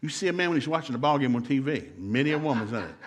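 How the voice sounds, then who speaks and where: A man's voice: mid-range voice, lively intonation, very fast. Middle-aged guy doing a funny marriage seminar, folksy, jokey, acts out couples talking. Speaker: guest seminar speaker. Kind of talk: humorous marriage seminar talk.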